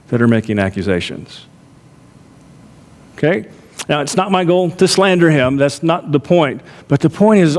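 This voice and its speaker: A middle-aged male pastor preaching a sermon, talking to the congregation conversationally with rhetorical asides. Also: fairly high pitch. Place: church sanctuary. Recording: long reverb of a church hall.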